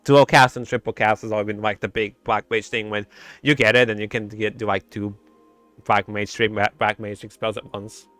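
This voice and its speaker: A man streaming in a casual chat, animated and giggly, breaking into sound effects. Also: fairly low pitch, moderate pace, dry recording, faint music behind.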